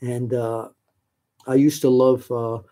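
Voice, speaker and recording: A man's voice: mid-range voice, flat delivery, slow pace, mellow, a little hiss or hum. An older man from New York hosting a live stream, answering viewer questions in a chatty, rambling way with many fillers. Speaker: host.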